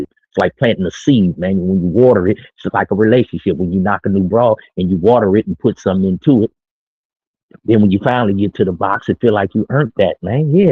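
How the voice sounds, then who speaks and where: A man's voice: fairly low pitch, husky, no room sound. A middle-aged man streaming from his own small studio, talking brash, boastful, slangy street talk in a casual monologue. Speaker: streamer giving dating talk. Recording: tinny phone-like line.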